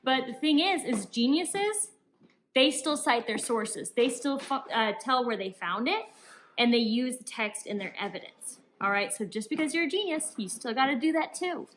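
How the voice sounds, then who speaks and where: A woman's voice: high voice, lively intonation, normal speed, slight background noise, rough recording. A young woman teacher giving upbeat, encouraging instructions to young children in a recorded remote lesson. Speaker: elementary school teacher.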